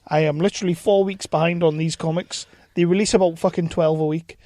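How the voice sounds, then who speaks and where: A man's voice: on the high side, fairly even intonation, fairly quick, warm tone, no echo. A man co-hosting a casual podcast, reading quiz questions aloud and teasing his co-host with plenty of swearing. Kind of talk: casual chat. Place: small home studio shed.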